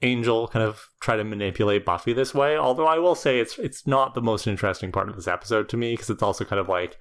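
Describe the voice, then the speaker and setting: A man's voice: lowish voice, fast, few pauses, smooth. A man co-hosting a casual podcast, giving thoughtful, analytical commentary on a TV episode with plenty of hedging fillers. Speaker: podcast co-host. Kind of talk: casual chat.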